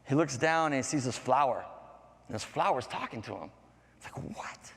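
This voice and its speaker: Animated male storyteller in a hall. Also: medium pitch, brisk, vocal fry, slightly rough. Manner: animated storyteller, lively voices. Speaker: conference speaker, storytelling teacher. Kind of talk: storytelling talk. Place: conference session room. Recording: long hall reverb.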